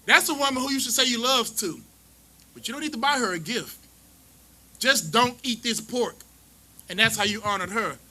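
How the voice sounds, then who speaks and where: A man's voice: very high-pitched, expressive, normal speed, long pauses, pushed and bright, rough recording. A man teaching scripture to a class in a preachy, mocking, conversational way. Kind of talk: street-style scripture teaching.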